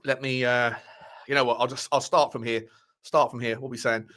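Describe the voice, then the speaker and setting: A man's voice: mid-range voice, level tone, a little fast, fairly bright tone. A man hosting a casual live football stream, bantering and repeating his phrases with some swearing. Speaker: football podcast host.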